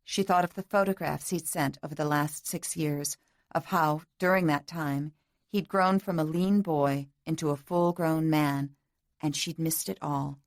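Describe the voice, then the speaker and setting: A woman reads a romance audiobook as scripted narration, measured and even, on a close mic. Her voice is low and there's no echo.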